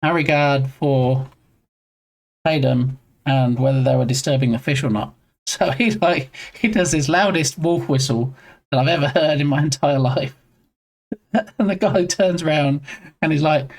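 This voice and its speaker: A man with a slightly high voice speaks at a normal speed. He hosts a game development live stream, chatting casually and playfully with his audience and laughing often.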